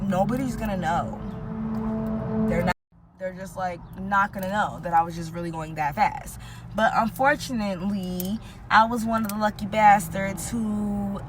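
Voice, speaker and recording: A woman telling a story casually to her viewers, animated and full of profanity, often calling out to them as "y'all". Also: mid-range voice, background noise.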